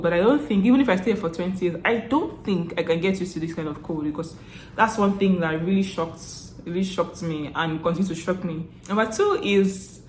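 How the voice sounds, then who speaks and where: A young woman from Nigeria with a Nigerian accent, telling stories to camera in a chatty, animated way, often laughing and restarting her sentences. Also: medium pitch, echoey room, slight background noise. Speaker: vlogger. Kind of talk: casual storytelling to camera.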